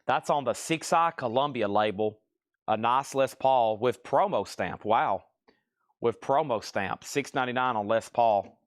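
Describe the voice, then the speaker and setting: A man's voice: medium pitch, no echo, clean studio sound. A man hosting a live record sale stream, rattling off titles and prices with chatty asides. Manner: brisk item-by-item price calls with chatty asides. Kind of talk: live-stream sales patter.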